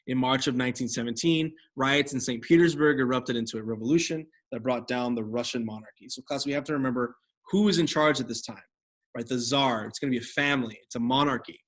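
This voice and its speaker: A man's voice: mid-range voice, a little fast. A young adult man teaching a history lecture over slides, rambling with many fillers and self-corrections.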